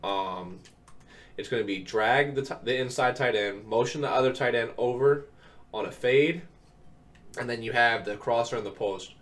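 In a mid-range, fairly bright voice at normal speed, a young video game tips creator explains plays step by step. He's recovering from an illness and sounds laid-back, full of ums. Faint keyboard noise comes through a distant mic.

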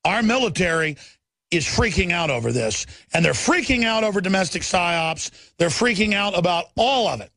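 A man hosting a talk radio show in a furious political rant, shouting, scornful and hammering his points again and again. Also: sits high, animated, moderate pace, creaky, no room sound. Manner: repetitive hammering delivery.

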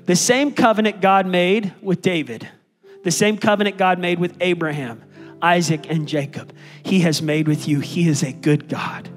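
A man preaching a sermon as pastor, building to loud, passionate calls and asking the congregation to respond. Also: high voice, fairly even intonation, moderate pace, in a large hall, faint music behind.

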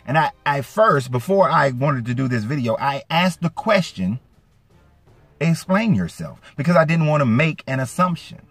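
A man's voice: moderate pace, dry recording. A man from Atlanta with a light Southern accent, giving casual, emphatic commentary to his viewers. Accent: light Southern US (Georgia). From Atlanta, Georgia. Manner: animated, emphatic, swings from low asides to raised indignant peaks. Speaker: YouTube commentator. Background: faint background music.

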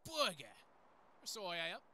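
A man's voice: high voice, sing-song, normal speed, bright, forceful tone, voice pushed up, exaggerated voice. Man doing a cocky young Aussie woman, game character, slangy and cheeky. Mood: startled. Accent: put-on Australian. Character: brash young female Australian adventurer.

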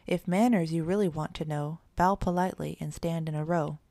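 A woman's voice: sits low, fairly even intonation, brisk, mellow, dry recording. A woman voicing an old, lame mother cat who talks in sing-song rhymes. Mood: scolding. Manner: sing-song rhyming storyteller. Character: old gray female cat, lame and rhyming.

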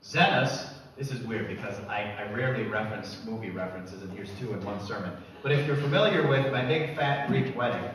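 A man preaching a sermon as pastor, emphatic, building to loud repeated declarations. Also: mid-range voice, slight background noise. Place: church sanctuary. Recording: echoey church from a distance.

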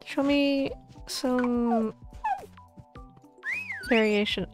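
A young woman streaming a pet game, gushing and cooing over the animals and often dropping into soft whispers. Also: a little high, unhurried, pauses often. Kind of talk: casual gaming stream chatter. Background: faint background music.

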